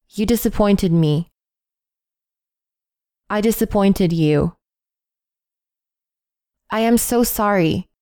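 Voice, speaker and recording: Woman, phrase-list reader, very slow, dry close sound, calm and deliberate. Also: mid-range voice, smooth, dry recording. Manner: calm, measured, deliberate pauses between phrases.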